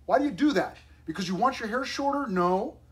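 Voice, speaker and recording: A male pastor, preaching a sermon in a conversational, animated way with asides to the congregation. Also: extremely high pitch, a little fast.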